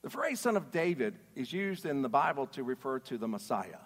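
A man preaching a sermon in an animated, emphatic way, putting questions to his audience. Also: medium pitch, brisk. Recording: reverberant hall.

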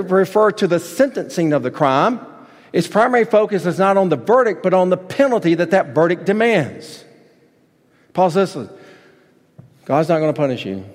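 A man preaching a sermon as pastor, emphatic, with rising shouted points and softer asides. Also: on the high side. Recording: long reverb of a large hall.

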